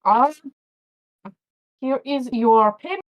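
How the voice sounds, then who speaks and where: A woman's voice: sits high, lively intonation, takes it slowly, lo-fi sound. A woman voicing a fussy, chatty old male farmer who babbles on. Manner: babbling, doting, rambling.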